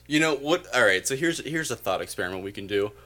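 A man's voice: medium pitch, animated, fast, pushed and bright. A man co-hosting a podcast in casual chat, joking, laughing often and trailing off mid-thought. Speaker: podcast co-host.

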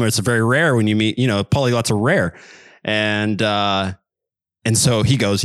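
Man telling a story, low dry voice. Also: measured pace, dry recording. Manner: animated, laughs while telling stories. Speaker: podcast guest. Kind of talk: casual storytelling. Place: home room in Sweden.

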